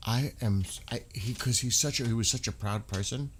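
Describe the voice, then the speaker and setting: A middle-aged man streaming live, talking in a halting, emotional way with many restarts. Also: medium pitch, a little hiss or hum. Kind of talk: casual live-stream talk.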